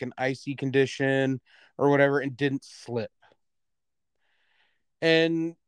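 Animated higher-voiced man, dry close sound. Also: clear, resonant tone, dry recording. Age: adult parent. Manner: animated storyteller, laughs mid-sentence. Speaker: podcast co-host. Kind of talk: casual podcast chat.

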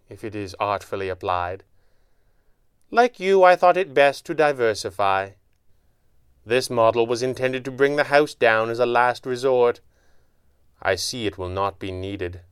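A man's voice: medium pitch, smooth, no room sound, clean studio sound, close to an everyday voice. A man voicing a sneering, gloating male villain mastermind in an audiobook reading.

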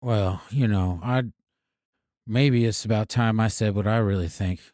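A man playing a sheepish, hard-drinking male country singer who mumbles and hesitates in a soft, low drawl during an improvised comedy scene. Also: measured pace, no room sound, clean studio sound, close to an everyday voice. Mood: earnest.

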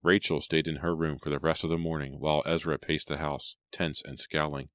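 Very deep-voiced male audiobook narrator. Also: level tone, a little fast, a bit bright, dry recording.

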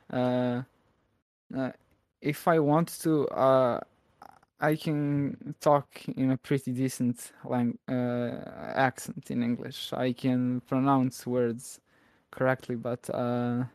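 A man's voice: mid-range voice, darkish tone, no room sound. A young man chatting as a podcast guest, hesitant and full of "uh" fillers. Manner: hesitant, many "uh" fillers, slow deliberate speech. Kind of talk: casual interview chat.

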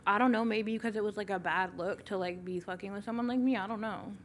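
A woman's voice: medium pitch, quick pace, a little hiss or hum. A woman from Toronto, a guest in a casual interview, talking bluntly with lots of swearing and filler words. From Toronto, Canada. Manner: blunt, profane, filler-heavy.

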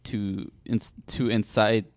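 A young man, a podcast co-host in casual chat, telling a story in a relaxed, rambling way. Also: on the low side, slow pace, no room sound. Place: podcast studio.

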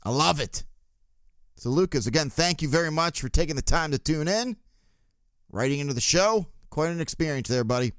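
A man's voice: fairly high pitch, expressive, fairly quick, dry recording, clean studio sound. A man hosting a casual sports podcast, blunt and swearing, with chuckling asides. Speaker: podcast host.

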